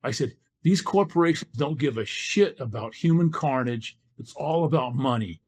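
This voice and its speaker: A man's voice: medium pitch, expressive, moderate pace, darkish tone, husky. An older man from California, a former football player, telling his story as a podcast guest and acting out the dialogue he quotes.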